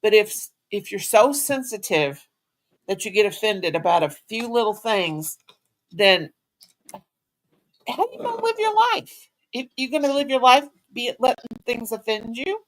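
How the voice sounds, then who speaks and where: A woman's voice: medium pitch, lively intonation, moderate pace. A woman hosting a casual live chat, rambling in a folksy way and calling people "sugar" and "honey.". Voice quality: folksy, rambling talk with Southern-style endearments. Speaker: channel host.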